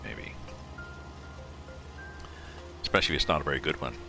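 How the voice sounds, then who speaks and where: A man streaming a farming game live, chatting casually and thinking aloud as he plays, mumbling asides and working out sums slowly. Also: very deep voice. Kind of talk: casual live-stream commentary while playing. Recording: music playing clearly behind the voice. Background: background music.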